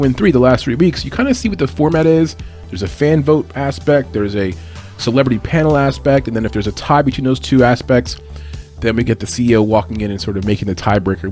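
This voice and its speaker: A man hosts a casual fight-card breakdown in a chatty, upbeat way, now and then laughing at his own asides. His voice sits in an ordinary middle pitch. Soft music plays faintly behind him. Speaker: MMA podcast host. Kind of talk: casual sports betting breakdown.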